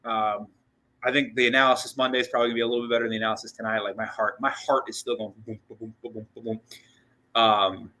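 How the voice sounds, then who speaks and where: A man with a bright, forward voice talks through a casual postgame show as its host. He rambles excitedly, restarting sentences and doubling up on words, and he sounds a bit out of breath. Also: mid-range voice, poor audio. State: short of breath. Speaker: sports podcast host.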